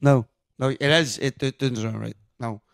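A man's voice: mid-range voice, steady tone, normal speed, creaky, no room sound, studio quality. A man with a Northern Irish accent hosting a casual comedy chat, teasing and laughing. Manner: laughing, teasing, tries silly impressions. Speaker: podcast host.

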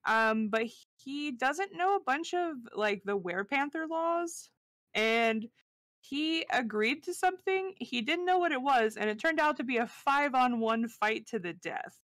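A woman's voice: high-pitched, animated, measured pace, fairly bright tone, no echo. A woman co-hosting a casual book podcast on a livestream, playful and giggly, with goofy slang and names she mangles on purpose. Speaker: podcast co-host.

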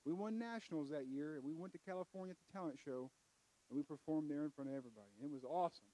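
A middle-aged man preaching a folksy sermon in church, building to loud emphatic peaks. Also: on the high side, very fast, rough recording.

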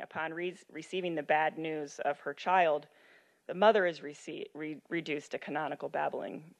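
A woman gives an ethics lecture, reading a passage aloud with feeling before explaining it. Her voice sits a little low for a woman. Her talk turns loose and halting, full of ums.

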